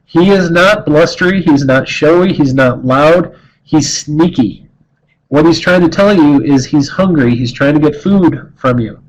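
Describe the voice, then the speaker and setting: A man's voice: on the high side, a little slow, poor audio. A middle-aged man giving an earnest, conversational talk as a wildlife educator, often restarting and repeating words as he explains. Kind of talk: informal talk on bear behavior.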